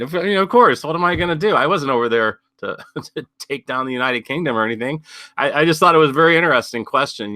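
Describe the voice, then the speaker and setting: Bright-voiced man rambling through news. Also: mid-range voice. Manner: rambling, sardonic, thinking aloud with many fillers. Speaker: podcast host. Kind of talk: casual news commentary.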